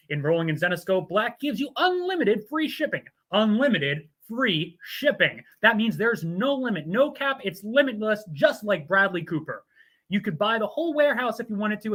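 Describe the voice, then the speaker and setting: A man's voice: sits high, bright, forceful tone. A man co-hosting a show, mixing casual chat with joking, playfully scripted ad reads. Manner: jokey, playful. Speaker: co-host.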